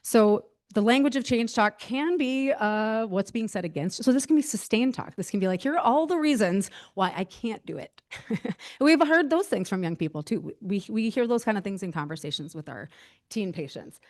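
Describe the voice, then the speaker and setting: A woman's voice: mid-range voice, lively intonation, moderate pace. A woman presenter giving a casual training talk, chatty, with frequent fillers and self-deprecating asides. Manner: chatty, many fillers, laughs at herself.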